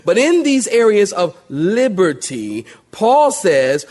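A pastor preaching a sermon to his congregation, calling for amens and swinging between loud exclamations and hushed asides. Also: sits high, big pitch swings, slow pace, few pauses. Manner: calls for amens and acts out skits.

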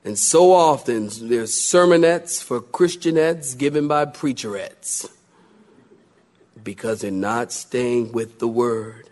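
A male pastor preaching a sermon with emphatic repetition and animated storytelling. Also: mid-range voice, slow.

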